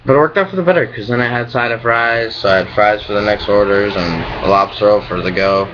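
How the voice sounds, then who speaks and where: Young male vlogger, low voice, profane rambling rants; dull lo-fi recording with light hiss. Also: fast talker. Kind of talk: casual rambling vlog.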